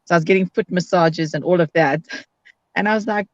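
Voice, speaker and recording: A woman's voice: fairly low pitch, brisk, no echo. A woman hosting a casual live video chat, talking in a frank, upbeat way and acting out her own quotes. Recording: dull, dry lo-fi sound.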